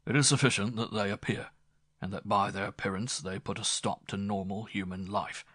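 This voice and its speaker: A man voicing a grave fatherly old gentleman. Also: lowish voice, fairly even intonation, normal speed, husky, no echo, clean studio sound.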